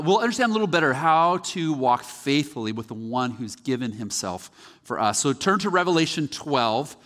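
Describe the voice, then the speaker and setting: A man preaching a sermon as a pastor, telling stories in an animated way and often correcting himself mid-sentence. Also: high-pitched. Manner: animated storytelling, excitable, with self-corrections. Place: church sanctuary. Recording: church hall reverb.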